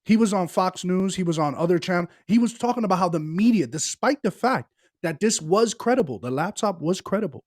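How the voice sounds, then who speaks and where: A man's voice: high-pitched, lively intonation, brisk, a little mellow, no room sound, clean studio sound. A man co-hosting a casual political podcast, talking emphatically and repeating himself for stress. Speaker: podcast co-host.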